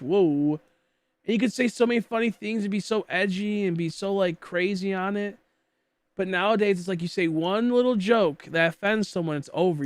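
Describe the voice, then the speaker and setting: Young male streamer from Michigan, slightly high voice, dry close sound, rambling goofy casual chatter. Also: no room sound. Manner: rambling, goofy, filler-heavy. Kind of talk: casual chat while gaming.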